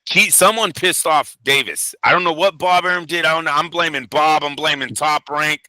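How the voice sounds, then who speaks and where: A man co-hosting a boxing news show in casual, profane chat, animated and acting out quotes. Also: on the high side, moderate pace, no room sound, poor audio. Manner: animated, swears a lot, acts out quotes.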